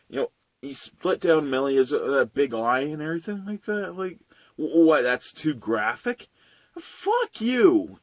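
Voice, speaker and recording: A young man reviewing animated films in a profane, ranting style, swearing often and venting at studios. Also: mid-range voice, no echo. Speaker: video reviewer.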